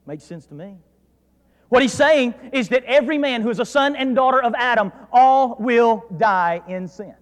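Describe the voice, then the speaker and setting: A man with a North Georgia accent preaching a sermon as pastor, dropping to quiet asides and then rising to loud, emphatic declarations. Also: very high voice, expressive, normal speed. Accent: North Georgia Southern US. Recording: preached in a reverberant hall.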